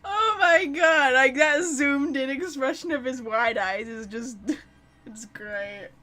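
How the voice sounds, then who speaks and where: A woman streamer giving casual, rambling game commentary, excitable and full of fillers. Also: sits high, slow.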